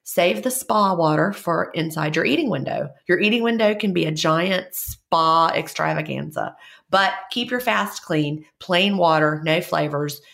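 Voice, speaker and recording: A woman's voice: on the low side, animated, measured pace, creaky, a bit bright. A woman co-hosting a podcast in casual chat, a little stuffy from a cold, giving emphatic advice. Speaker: podcast co-host.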